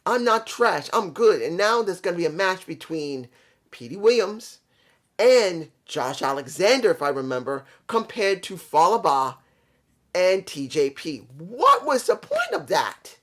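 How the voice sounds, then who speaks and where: A man from New York rants through a wrestling review. He talks bluntly and swears freely. His pitch swings up and down as he speaks to his subscribers. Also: big pitch swings, measured pace, a bit bright. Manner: blunt, profane, frustrated, addresses subscribers. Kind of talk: ranting casual review.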